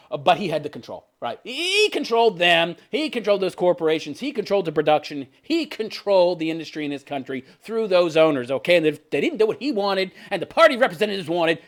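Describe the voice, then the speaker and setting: A man's voice: a little high, fairly bright tone. A man in his fifties hosting a commentary show, ranting sarcastically and profanely about posts he reads out, with scoffing chuckles. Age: 50s. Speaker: commentary channel host.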